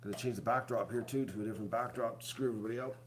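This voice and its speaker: A man's voice: medium pitch, fairly even intonation, racing. A middle-aged man, chatting casually to viewers at home, rambling and repeating himself. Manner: addresses viewers as folks. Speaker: vlog host.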